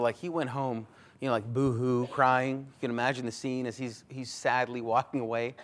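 A man preaching a sermon as pastor, earnest, swinging between loud pleading and hushed emphasis. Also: mid-range voice.

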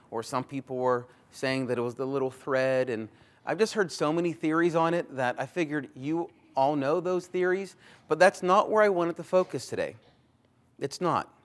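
A man preaching a sermon as pastor, earnest, swinging between loud pleading and hushed emphasis. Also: medium pitch.

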